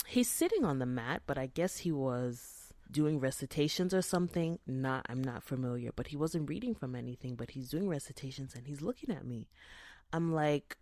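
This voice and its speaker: A woman podcast host telling a story in a chatty, animated way, sometimes dropping into hushed asides. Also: rumbling low, fairly quick, hardly any pauses, no room sound. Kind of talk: casual storytelling monologue.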